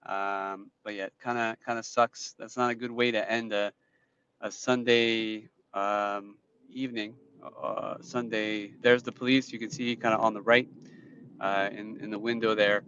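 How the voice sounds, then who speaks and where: A man's voice: fairly low pitch, little pitch movement, a little slow, a bit bright, clean tone. Man, New Jersey accent, rambling live-stream chat, driving, phone mic in car, muffled lo-fi sound. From New Jersey, USA. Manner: rambling, chatty, answering viewer comments. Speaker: livestream host. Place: inside a car while driving. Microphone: phone in a dashboard stand. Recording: dull lo-fi phone audio in a dry car.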